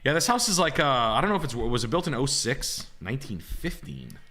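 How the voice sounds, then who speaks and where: A man's voice: medium pitch, very animated, a little fast, sharp tone, big-room sound, slight background noise. A man telling funny work stories on a live stream, acting out the voices of the people in them and swearing freely. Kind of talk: casual storytelling chat.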